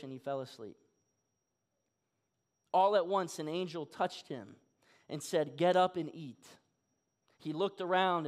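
High-voiced man preaching a sermon. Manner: storytelling, acts out dialogue. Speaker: guest speaker.

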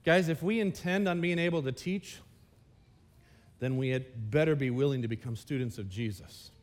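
A man's voice: mid-range voice, moderate pace. A man preaching a sermon at a church service, talking conversationally and with energy, often turning to the congregation with asides. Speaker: pastor.

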